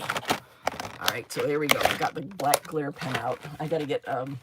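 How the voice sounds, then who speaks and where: A woman's voice: deep voice, fairly quick, very noisy. A woman chats her way through a crafting livestream, talking to viewers while she works. She rambles from thought to thought, laughs often, and hums little sound effects as she draws. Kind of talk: casual chat while crafting.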